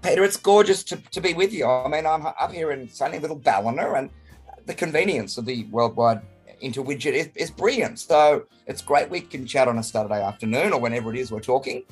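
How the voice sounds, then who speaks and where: A hoarse Australian man, croaky from a chest cold, chatting flamboyantly and playfully as a guest over a video call. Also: mid-range voice, lively intonation, fairly quick, faint music behind. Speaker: guest performer. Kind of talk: casual interview chat over video call.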